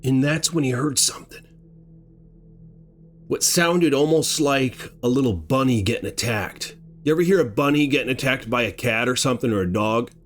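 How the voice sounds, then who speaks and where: A man telling a grim story casually, animated and conversational, acting out sounds as he goes. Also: mid-range voice, normal speed.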